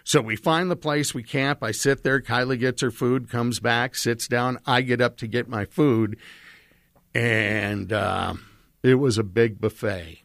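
A man's voice: medium pitch, fairly even intonation, measured pace, fairly bright tone, no room sound, studio quality. A man telling a long, rambling personal travel story in casual chat, with lots of restarts.

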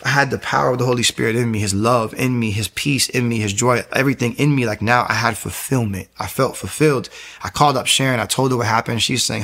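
A man's voice: medium pitch, fairly quick, creaky, sharp tone. A man sharing his religious conversion testimony in an earnest, fervent way, with lots of "like" and restarts. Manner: earnest, fervent storytelling with many fillers and restarts. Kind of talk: casual spoken testimony.

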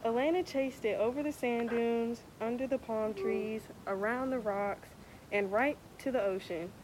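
A woman's voice: on the high side, a little slow, noisy background. Young woman reading a picture book aloud. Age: young adult. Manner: expressive, animated storytelling. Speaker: student athlete reading aloud. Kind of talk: children's book read-aloud.

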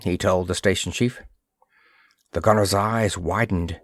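A man reading a pulp science-fiction story aloud as narrator, in a steady storytelling manner. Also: sits low, measured pace, dry recording, studio quality.

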